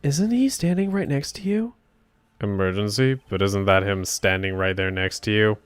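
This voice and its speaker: A man reading the lines of a fussy older male judge from a courtroom video game, in a clear voice with lively pitch. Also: natural voice. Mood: hesitant. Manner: reading game dialogue aloud, halting.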